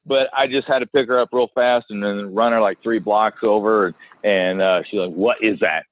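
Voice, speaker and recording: Man, low voice, casual storytelling, acts out quotes, tinny phone-line sound, dry. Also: moderate pace, no echo. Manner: animated storyteller acting out quotes. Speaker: podcast co-host, dead animal removal worker.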